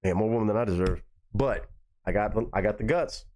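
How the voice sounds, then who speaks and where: Reacting to music on a live stream he hosts, a young man speaks with a lowish voice, fairly quickly and with excitement. He curses freely and echoes lines back in disbelief.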